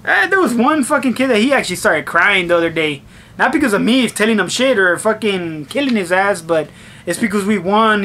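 A man's voice: high voice, sharp tone, slight background noise. A young man vlogging in a casual, profanity-heavy rant, acting out his own reactions. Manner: swears constantly, acts out his own reactions.

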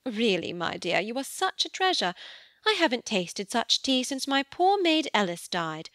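Casting: a woman playing a fussy, doting older gentlewoman for an audiobook; high, gushy, crisp and close. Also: big pitch swings, normal speed, no echo. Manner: gushing, high and fluttery. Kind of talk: audiobook character voice.

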